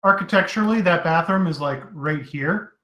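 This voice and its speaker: A man running a tabletop game as dungeon master, describing scenes in a relaxed, rambling way. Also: fairly high pitch, moderate pace, roomy sound, rough recording.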